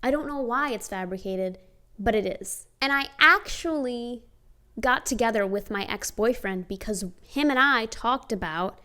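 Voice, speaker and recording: A woman's voice: a little high, moderate pace, bright, forceful tone. A young adult woman telling personal stories to camera in a casual, chatty way, with emphatic, sardonic asides. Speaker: vlogger.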